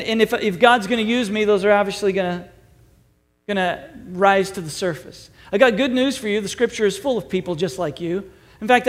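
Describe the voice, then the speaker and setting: A man with a high, bright voice delivers a chatty, upbeat sermon to his congregation. His voice rings in the long reverb of a church auditorium. He slips in self-deprecating jokes. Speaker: pastor.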